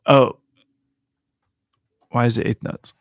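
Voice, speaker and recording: A man giving a casual live music lesson, chatty and self-amused, counting rhythms out loud as he works through a transcription. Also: slow pace, dry recording, clean studio sound. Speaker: music teacher transcribing a piano piece for bass.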